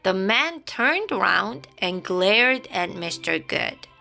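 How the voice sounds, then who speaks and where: A woman's voice: medium pitch, very animated, takes it slowly, gravelly, pushed and bright. A woman reading a children's picture book aloud, dramatic and playful, with sound effects. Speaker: storybook reader. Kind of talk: expressive children's story read-aloud. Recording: faint background music.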